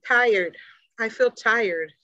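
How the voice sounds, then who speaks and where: A woman's voice: on the high side, drawn-out words, pushed and bright, dull audio. A woman taking part in a parenting workshop, playing along with short answers in role-plays. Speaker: workshop participant.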